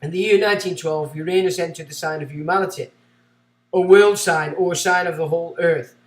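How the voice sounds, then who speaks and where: A man with a fairly high voice hosts a livestream, reading passages from a book aloud. He keeps breaking off into rambling, excitable asides. The sound is roomy and echoey. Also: fairly quick. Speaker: livestream host.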